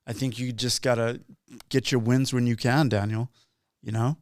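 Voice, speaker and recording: A man's voice: mid-range voice, flat delivery, normal speed, darkish tone, no room sound. Male podcast host, mid-range voice, dry close sound, loose and rambling delivery. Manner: rambling, with frequent restarts and fillers. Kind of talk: casual chat.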